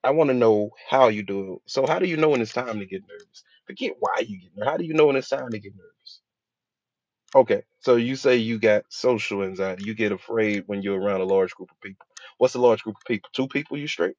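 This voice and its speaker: His voice is on the low side and a little mellow, and he talks fast. An adult hypnotherapist with a school-age child, he gives a motivational speech using casual slang, emphatic repetition, and rhetorical questions, in a dull, dry lo-fi recording.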